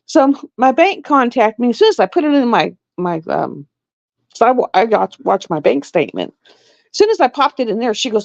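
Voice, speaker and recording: A woman telling stories on a live stream in a casual, animated way, laughing and acting out voices. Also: fairly high pitch, fairly quick, creaky, no room sound. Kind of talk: casual storytelling chat. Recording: dull lo-fi sound.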